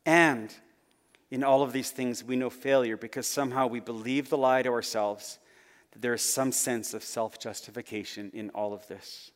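A man preaching a sermon as a pastor, earnest, his phrases rising and then falling to soft, low endings. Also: fairly even intonation, moderate pace, long reverb tail.

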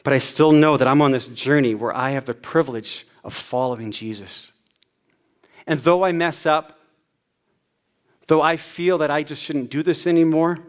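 A man in his forties preaching a sermon as a pastor, telling personal stories in a conversational way. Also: mid-range voice.

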